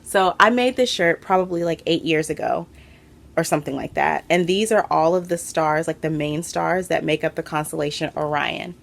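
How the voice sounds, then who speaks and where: A woman hosting a craft podcast from home, chatting to camera in an excitable, rambling way and a little out of breath. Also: low-pitched, moderate pace, gravelly. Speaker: podcast host. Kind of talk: casual chat to camera. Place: home room.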